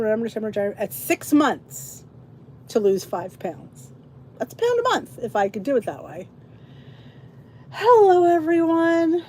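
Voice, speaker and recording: Woman, middle-aged, livestream host, rambling chat, sounds tired, fairly high voice. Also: a little mellow, slight background noise. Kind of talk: casual chat to a live audience.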